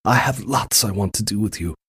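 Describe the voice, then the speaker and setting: A man voicing a loving young man in a story, speaking quietly and reassuringly. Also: on the low side, fairly quick, husky. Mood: playful.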